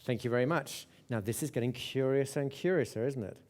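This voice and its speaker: A man's voice: mid-range voice, fast, a little mellow. Conversational male hypnosis instructor. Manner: conversational, with repeated checks like "right?"; restarts and repeats words. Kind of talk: live seminar teaching.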